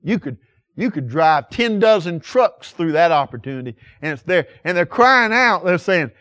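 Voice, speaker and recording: A man preaching a sermon with passion, asking the listeners many direct questions and swinging from loud emphasis to quiet asides. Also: a little high, lively intonation, normal speed, no room sound, studio quality. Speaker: pastor.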